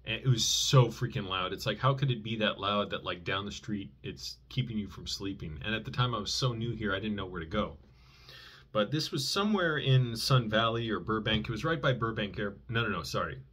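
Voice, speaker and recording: A man's voice: fairly low pitch, animated, brisk, fairly bright tone, slightly rough. A man vlogger telling a personal story in a rambling way, often correcting himself and using many fillers.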